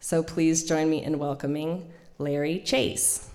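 A woman with a low voice for her sex tells a personal story to a live audience. She is in her thirties and hosts the evening. She talks in a chatty way, laughs often, and fills pauses with small hesitations. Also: steady tone, very noisy. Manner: chatty, laughing, many fillers. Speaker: storytelling event host and storyteller.

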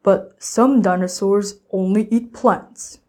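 A teenage girl voicing an eccentric, excitable old male inventor in a storybook reading. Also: medium pitch, takes it slowly. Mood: musing. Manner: enthusiastic, mysterious.

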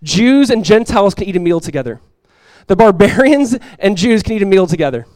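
A man preaching a sermon as pastor, conversational and lively, telling stories and acting out quoted voices. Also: sits high, brisk, dry recording.

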